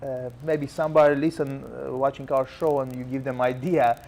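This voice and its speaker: A man hosting a talk show, asking questions in halting, non-native English. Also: mid-range voice, flat delivery, vocal fry, a little mellow. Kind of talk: casual interview.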